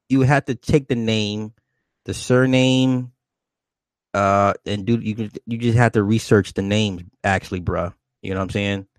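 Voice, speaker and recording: Male streamer, casual and profane, fields chat questions; lower voice, dry close recording. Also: no echo. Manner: loose, profane, rambling, answers chat questions aloud; animated, jumps up in pitch when greeting viewers. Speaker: livestream host reading chat.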